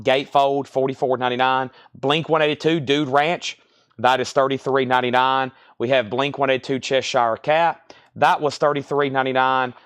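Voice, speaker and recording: A man with a Southern US accent hosting a live record sale, reeling off titles and prices in a steady, folksy sales patter. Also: mid-range voice. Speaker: host selling records on a livestream. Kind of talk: live sales stream, casual chat.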